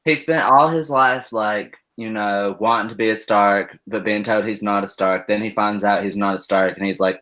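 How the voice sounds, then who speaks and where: A man's voice: fairly low pitch, steady tone, moderate pace, hardly any pauses, a bit bright. A man hosting a casual group chat, joking and laughing often as he talks. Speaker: podcast host.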